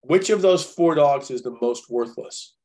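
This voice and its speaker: A man coaching chiropractors in a blunt, profane, animated way, telling stories. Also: mid-range voice, unhurried. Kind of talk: profane coaching talk on a call.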